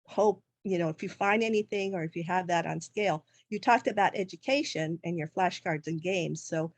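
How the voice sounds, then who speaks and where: A woman's voice: on the low side, moderate pace, no echo. Eager, talkative woman on a dry call. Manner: eager, talkative, run-on sentences. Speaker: webinar audience member asking a question. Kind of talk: casual video-call chat.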